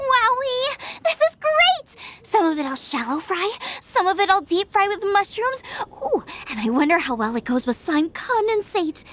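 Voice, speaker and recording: A woman's voice: very high voice, normal speed, few pauses, background noise. A bubbly young girl chef. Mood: excited. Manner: excitable, rambles about recipes. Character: eager young female chef, bubbly and food-obsessed. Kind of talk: game cutscene voice acting. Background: game music.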